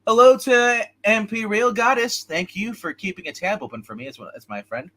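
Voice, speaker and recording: A man's voice: high-pitched, expressive, normal speed, bright, forceful tone. A man co-hosting a casual comics livestream, rambling and opinionated as he chats with a co-host and viewers. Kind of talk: casual live-stream chat.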